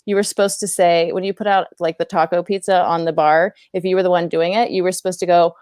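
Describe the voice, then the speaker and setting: Young woman comic telling stories, bounces into squeaky put-on voices, laughs a lot, dry close sound. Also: quick pace, smooth, no room sound. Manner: animated, acts out quoted voices in a high chirpy tone, laughs often. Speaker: comedian guest. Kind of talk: casual podcast chat with storytelling.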